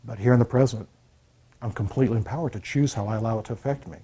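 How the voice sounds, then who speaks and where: A man's voice: mid-range voice, rapid-fire, dark tone, slightly rough. A man, a college counselor, giving an earnest classroom talk to students and checking in often to make sure they follow. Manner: earnest, repeats key points, checks in with "okay?".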